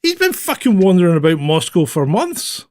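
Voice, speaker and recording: A man's voice: sits high, wildly swooping pitch, normal speed, darkish tone. A man co-hosting a casual chat show from Britain, talking bluntly and swearing freely. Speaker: co-host.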